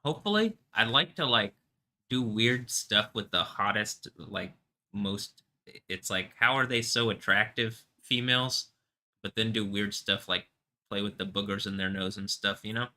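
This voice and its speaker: Rambling self-amused man, sharp voice. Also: fairly low pitch, moderate pace. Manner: rambling, self-amused, frequent giggling asides. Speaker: livestream host. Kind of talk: casual livestream rambling.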